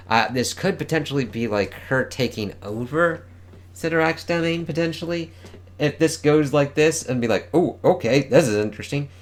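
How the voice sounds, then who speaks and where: A man's voice: medium pitch, fairly bright tone. A man casually reviewing a comic book, swearing freely and reading the dialogue aloud. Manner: casual and profane, reads dialogue aloud in voices. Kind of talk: casual read-along review.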